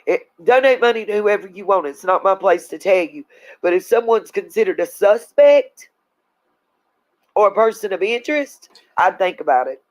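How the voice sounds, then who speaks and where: A woman's voice: mid-range voice, lively intonation, moderate pace, darkish tone, rough recording. A woman hosting a livestream, talking bluntly in a heated rant. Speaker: channel host. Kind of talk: livestream commentary.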